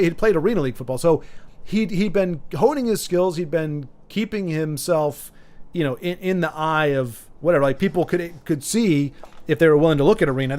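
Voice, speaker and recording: A man streaming a video game, joking and rambling as he chats with his viewers. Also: fairly high pitch. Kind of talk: casual gaming commentary. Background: faint game music.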